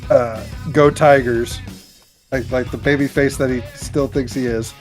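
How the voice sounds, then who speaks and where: A man's voice: medium pitch, steady tone, a little slow, faint music behind. A man playing a tabletop role-playing game, loosely narrating what his wrestler does. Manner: loose, storytelling with "like". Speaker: player.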